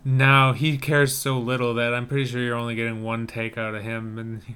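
A man's voice: mid-range voice, monotone, moderate pace, sharp tone, clear, resonant tone. A man co-hosting a casual podcast, chatting about movie trailers with wry, joking banter. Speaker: podcast co-host.

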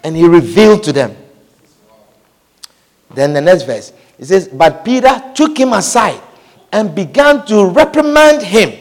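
A man's voice: sits high, big pitch swings, measured pace, long pauses. A man pastor preaching a sermon, acting out scripture quotes and everyday scenes with frequent laughter.

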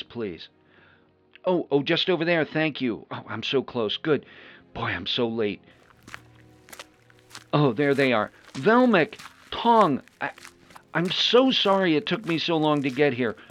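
A man's voice: mid-range voice, fairly bright tone. A man voicing a timid, flustered host on a trip, who stammers nervously. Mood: weary. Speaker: show host. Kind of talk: one-sided audio role-play. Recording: lo-fi recording with faint music.

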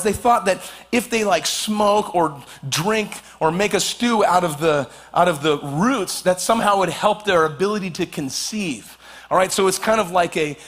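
A man preaching a sermon to a congregation, telling a scripture story with playful, animated asides. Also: sits high. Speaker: pastor.

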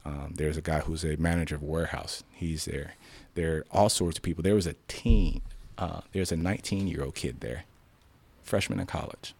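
This South Side Chicago police sergeant has a rumbling low voice with vocal fry and a slightly rough edge, speaking at normal speed. Candid in the interview, he performs the dialogue while recounting events animatedly, restarting frequently.

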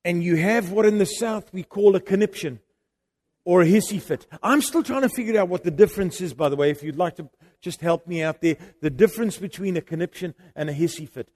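Brief: middle-aged male preacher, slightly high voice, animated sermon storytelling, loud then hushed. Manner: animated, swings from loud emphasis to quiet intimacy.

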